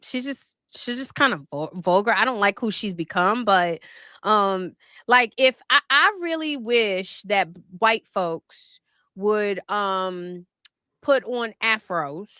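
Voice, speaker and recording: Animated, bright-voiced woman chatting. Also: medium pitch, takes it slowly, clear, resonant tone, no echo, studio quality. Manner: animated, laughing, many restarts. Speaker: commentator. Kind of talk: casual panel chat.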